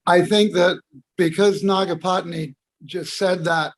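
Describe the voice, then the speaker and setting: A man's voice: sits high, fairly even intonation, measured pace. A man, from England, joining a casual group discussion over a video call with wry humour. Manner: wry, joking.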